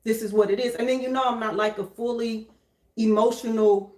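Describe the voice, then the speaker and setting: A young woman telling her story to her husband in a calm, matter-of-fact way, with many fillers. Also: on the high side, a little fast, echoey room. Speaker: co-host, wife. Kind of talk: candid conversation with her husband.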